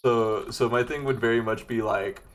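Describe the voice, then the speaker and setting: A young man with a deep voice co-hosting a podcast, chatting casually in a rambling way and laughing often. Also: steady tone, normal speed. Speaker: podcast co-host. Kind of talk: casual chat.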